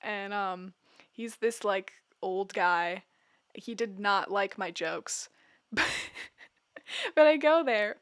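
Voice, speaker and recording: A woman around twenty telling a story in a casual vlog, laughing often and joking with wry deadpan humor, rambling and correcting herself as she goes. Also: medium pitch, takes it slowly, long pauses, smooth, no room sound, clean studio sound. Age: about 20. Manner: rambling with many fillers and self-corrections. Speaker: vlogger.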